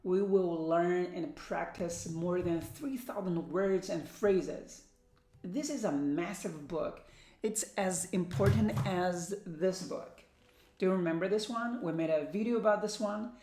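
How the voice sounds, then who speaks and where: Slow, careful woman teaching English. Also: on the low side, warm tone, echoey room. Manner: slow, careful word-by-word reading. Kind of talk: vocabulary lesson, reading word lists aloud.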